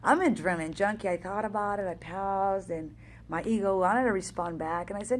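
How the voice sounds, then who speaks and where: A woman fitness coach telling a race story in a casual, energetic, chatty way, acting out the back-and-forth. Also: fairly low pitch, normal speed.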